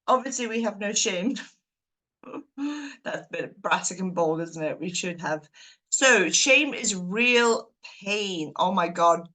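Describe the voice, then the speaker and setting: A woman's voice: mid-range voice, fairly bright tone, rough recording. A woman leads a book group over a video call. She talks casually, laughs easily and keeps putting questions to the group.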